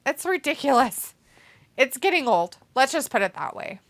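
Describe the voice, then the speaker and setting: A woman hosting a livestream in casual chat, animated and cursing freely, often laughing. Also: high voice, normal speed. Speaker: stream host.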